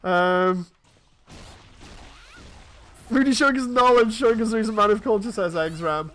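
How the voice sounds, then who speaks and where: High-voiced rambling man. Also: a little slow, fairly bright tone. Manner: rambling, chatty anecdotes. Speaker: streamer. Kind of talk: casual chat while playing.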